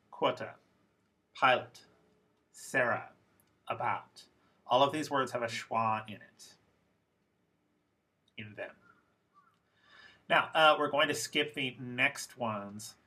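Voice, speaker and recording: A man teaching English pronunciation in a lecture, speaking deliberately and repeating example words slowly for learners. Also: mid-range voice, sharp tone. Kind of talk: recorded classroom lecture.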